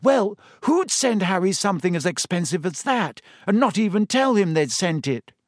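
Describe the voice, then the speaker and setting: A man's voice: sing-song, moderate pace, no echo, studio quality. A man voicing a prim, anxious teenage witch girl in a storybook reading. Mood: insistent. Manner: fretful, shrill.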